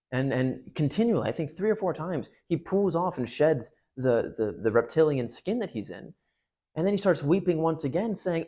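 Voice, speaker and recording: A man's voice: on the high side, animated, normal speed, a little mellow. A man giving a casual talk that retells and analyzes a book, speaking conversationally with frequent restarts. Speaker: parish speaker on literature.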